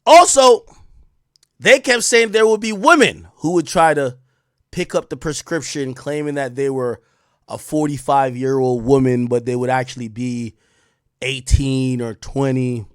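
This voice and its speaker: A man giving sarcastic live-stream commentary, mocking as he goes, jumping between loud outbursts and muttered asides. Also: mid-range voice, measured pace, smooth, no echo, studio quality.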